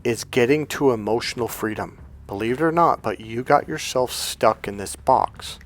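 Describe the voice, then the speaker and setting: A life coach with a medium-pitched voice, speaking at normal speed, tells his viewers a story in a casual monologue. It's rambling and chatty, full of fillers and restarts.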